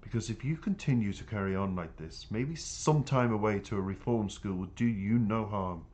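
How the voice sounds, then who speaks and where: A man's voice: on the low side, normal speed, a little mellow, close to an everyday voice. A man voicing a stern older woman who runs a boys' home, scolding in a storybook reading.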